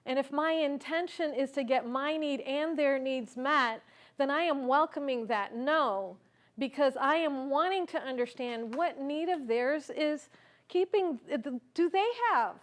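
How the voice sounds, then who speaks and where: High-voiced woman telling a personal story. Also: a little slow. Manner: earnest, reflective, asks the audience questions. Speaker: conference speaker. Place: conference stage.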